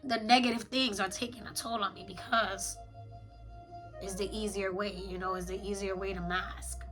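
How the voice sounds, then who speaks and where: A woman talks in a raw confessional voice journal. She is blunt and slangy, swears heavily, and her pitch sits in a middle range. Music plays clearly behind her. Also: steady tone, moderate pace, poor audio. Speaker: vlogger.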